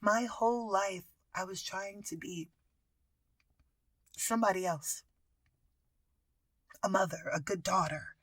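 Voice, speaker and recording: A woman voicing a grieving woman who finds her freedom, speaking hushed and often in a whisper. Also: medium pitch, takes it slowly, pauses often, husky, no echo. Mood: wistful.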